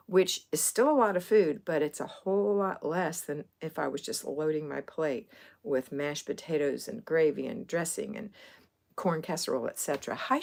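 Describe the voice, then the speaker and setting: A woman's voice: low-pitched, vocal fry, darkish tone. A middle-aged woman from Florida hosting a homemaking livestream, chatting casually and rambling as she answers viewers' comments. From Florida, USA.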